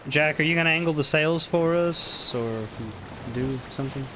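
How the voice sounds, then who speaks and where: A man's voice: a little high, normal speed, noisy background. A man streaming a game, commenting casually with exasperated, swearing jokes.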